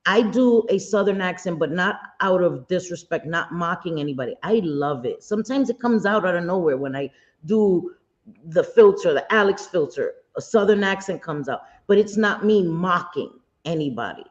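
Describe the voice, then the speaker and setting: A woman's voice: on the low side, animated, normal speed. Blunt woman livestream host, lo-fi audio. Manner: blunt and indignant, with occasional swearing. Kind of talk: casual gossip commentary. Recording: dull lo-fi stream audio.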